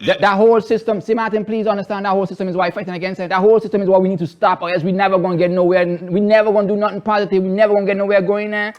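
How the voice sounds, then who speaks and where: A man co-hosting a political talk show, animated and repetitive, ending his lines with "eh". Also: high voice, racing, few pauses, muffled recording. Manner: animated, repetitive, tag questions with "eh". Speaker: co-host. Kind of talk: casual political banter.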